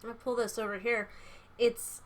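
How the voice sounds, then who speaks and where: A young adult woman runs a casual tarot reading vlog from a small room at home, chatty and rambling with giggly asides. Her voice is on the high side, delivered flatly and without hurry, picked up by a camera mic.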